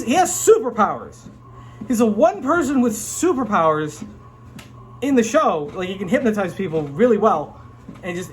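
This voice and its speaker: A man's voice: sits high, a little hiss or hum. A man casually reviewing a show he watched, rambling and frank, with lots of fillers and restarts. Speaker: vlogger reviewing an anime.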